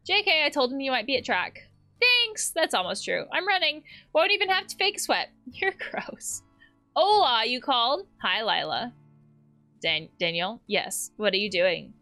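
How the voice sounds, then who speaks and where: A woman's voice: on the high side, big pitch swings, a little slow, sharp tone, soft background music. A woman therapist playing a video game, casually reading text messages aloud with playful, laughing asides. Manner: playful, laughs and swears between read-out lines.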